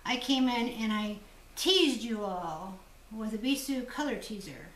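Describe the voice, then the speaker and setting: A woman's voice: a little high, animated, a little slow. A woman hosting a jewelry-making channel, chatting casually and telling stories to viewers. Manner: chatty, storytelling, laughs easily. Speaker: jewelry designer and channel host. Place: room in a home shop. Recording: echoey room, mic at a distance.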